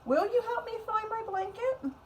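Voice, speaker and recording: A woman voicing a fretful female puppet who is caring for a toy wombat and talks in a high, anxious, pleading way. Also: animated, normal speed.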